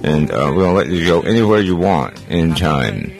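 A man's voice: low voice, sing-song, normal speed, creaky, soft background music. A man hosting a call-in radio talk show, chatty and jokey, often rambling as he talks. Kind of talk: casual call-in radio chat.

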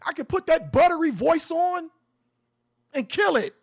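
High, gravelly, fired-up male talk host. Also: animated, brisk, fairly bright tone. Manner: impassioned, blunt, profane. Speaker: radio show host. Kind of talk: heated opinion talk. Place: home in the Arizona desert.

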